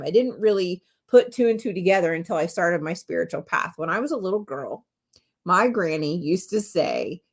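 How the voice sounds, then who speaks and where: A middle-aged woman hosting her own podcast as a spiritual medium, talking in a casual, candid way, swearing freely and laughing often. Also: mid-range voice. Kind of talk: casual solo podcast talk.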